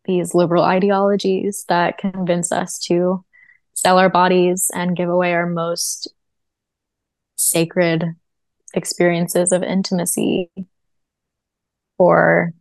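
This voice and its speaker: A woman's voice: on the low side, vocal fry, no echo. A woman guest in an interview, telling her own story in an earnest, reflective way. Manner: earnest and reflective, with frequent fillers. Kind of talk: personal testimony in a podcast interview.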